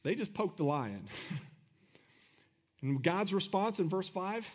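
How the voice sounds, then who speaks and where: A man's voice: high voice, lively intonation, takes it slowly. A male pastor giving a sermon in a conversational way, filling his talk with "like" and laughing between points.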